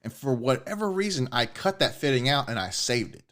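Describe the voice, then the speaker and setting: A man, a podcast co-host telling a personal story in casual chat, swearing often and getting excited. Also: mid-range voice, fairly quick. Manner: animated, swears a lot, rising excitement.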